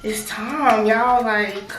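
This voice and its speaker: A young woman telling a frank, profane personal story straight to her viewers, animated, laughing and sometimes dropping to a near-whisper. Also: fairly high pitch, very slow, roomy sound, music in the background. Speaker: vlogger. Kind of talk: casual storytime.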